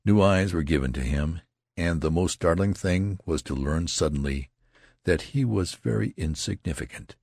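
A man reading a classic novel aloud as an audiobook narrator, expressive and unhurried. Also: low-pitched, creaky, no echo, studio quality.

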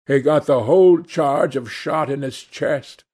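A man voicing a calm, worldly aristocrat with a measured manner in a storybook reading. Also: on the high side, slightly rough. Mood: calm, grave.

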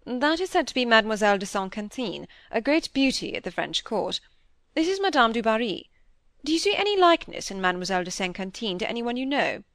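A woman voicing a smooth, courteous bachelor gentleman in an audiobook reading, probing with polite questions. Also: a little high, very animated, fast, dry recording, studio quality.

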